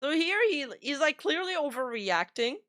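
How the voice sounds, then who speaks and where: A woman's voice: high-pitched, sing-song, normal speed, fairly bright tone, no echo, studio quality. A woman commenting casually on online drama, reading messages aloud and giving blunt, chatty opinions. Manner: opinionated, chatty, with frequent fillers. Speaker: VTuber commentator.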